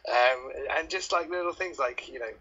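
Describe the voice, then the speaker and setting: A man's voice: mid-range voice, moderate pace, pushed and bright, breathy edge. A man co-hosting a radio music show, giving a rambling casual review that stops and restarts mid-thought. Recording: muffled lo-fi radio recording.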